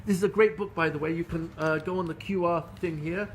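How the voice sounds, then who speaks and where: A middle-aged rabbi giving a Torah lecture, telling stories in an earnest, animated way with frequent restarts. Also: male voice, a little high, a little fast, slight background noise. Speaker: rabbi teaching a class.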